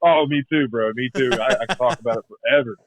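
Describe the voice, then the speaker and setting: A man's voice: medium pitch, quick pace, no echo. A man talking as a podcast guest in casual chat, laid-back, repeating words and saying man and bro a lot. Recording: tinny phone-like line.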